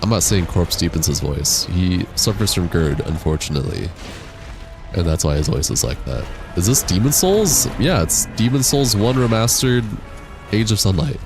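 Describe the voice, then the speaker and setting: A man's voice: deep voice, lively intonation, normal speed, music in the background. A young man streaming a game, chatting casually, reading chat aloud and laughing often. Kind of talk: casual livestream chat while gaming.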